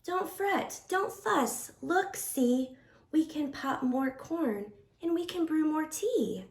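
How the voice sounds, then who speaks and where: A woman voicing a small, kind mouse who soothes her friends softly. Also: high-pitched, animated, slow, pitched above the performer's own voice, full character voice. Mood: soothing. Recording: echoey room.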